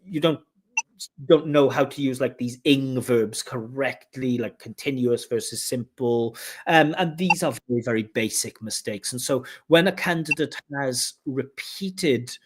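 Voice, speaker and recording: A man's voice: medium pitch, unhurried, noisy background. A man working as a speaking test examiner, giving a candidate direct, explanatory feedback on his scores. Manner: direct, explanatory, mimics flat intonation with "duh duh". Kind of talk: giving spoken exam feedback.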